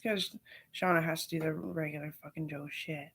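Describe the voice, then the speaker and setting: A woman's voice: sits low, steady tone, normal speed, fairly bright tone, breathy edge. A young woman and mother chatting casually and profanely, rambling through stories and quoting other people's voices. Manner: profane, storytelling with quoted voices.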